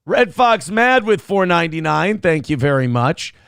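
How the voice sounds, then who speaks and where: A man's voice: a little high, very animated, normal speed, gravelly, fairly bright tone, smooth, dry recording, studio quality. A man hosting a casual morning talk show, rambling and self-deprecating as he reads viewer messages aloud. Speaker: show host.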